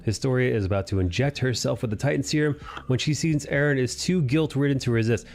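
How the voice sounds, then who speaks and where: A young man hosting a casual anime discussion podcast, recapping scenes animatedly and jumping into quick character voices. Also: medium pitch, a little mellow. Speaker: podcast host.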